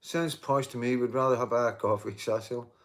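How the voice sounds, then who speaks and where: A man in his fifties hosts a casual live stream, reading out viewer comments and joking and swearing with commenters. His medium-pitched voice is steady in tone and he speaks at a normal speed. He talks emphatically, repeating himself, restarting often, and saying "you know" a lot.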